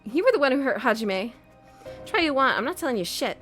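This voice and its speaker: A woman's voice: high-pitched, big pitch swings, brisk, a bit bright, soft background music. A woman voicing a drugged young woman held captive, groggy and then defiant and crude.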